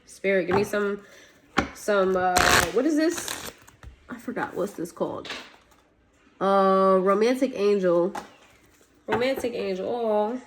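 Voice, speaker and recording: A woman's voice: mid-range voice, slow, long pauses, noisy background. Blunt woman giving a tarot reading. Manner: blunt, swears, laughs, talks straight to viewers. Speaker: tarot reader. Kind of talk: casual tarot reading to camera.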